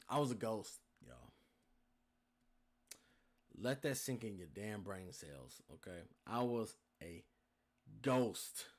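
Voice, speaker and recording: Young dude podcast host, lowish voice, swears a lot, chatty and animated telling stories to y'all. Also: male voice, very slow, long pauses. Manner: animated, profane, addresses listeners as y'all. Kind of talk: casual storytelling.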